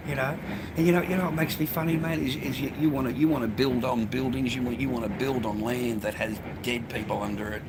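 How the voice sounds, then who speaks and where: A man's voice: mid-range voice, fast talker. An Australian man ranting to his phone as he walks along a street, rambling and profane, calling everyone mate and bro. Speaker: vlogger. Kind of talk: ranting monologue to camera while walking. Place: outdoors, walking along a street and path. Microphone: phone held while walking. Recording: phone recording with loud street noise. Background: loud traffic and street noise.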